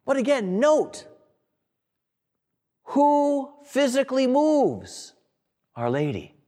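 Slow, lively-voiced man preaching in a hall. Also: very high voice. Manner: slow, dramatic preaching with long pauses and falling endings. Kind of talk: sermon. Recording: long hall reverb.

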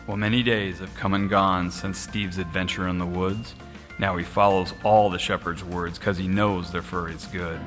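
A man narrating a rhyming storybook in a measured, expressive way. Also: low voice, faint music behind.

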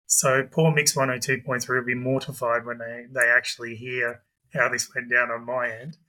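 A man, a guest, telling a lively anecdote with quick asides. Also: mid-range voice, rough recording. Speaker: guest, budgie club president. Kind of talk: animated storytelling.

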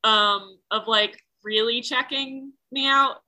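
A woman with a bright, forceful voice spins a casual personal story in conversation. She rambles, leans on "like" constantly and swears without a second thought. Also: fairly high pitch, fairly even intonation, takes it slowly, poor audio. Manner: rambling, heavy use of "like", swears freely.

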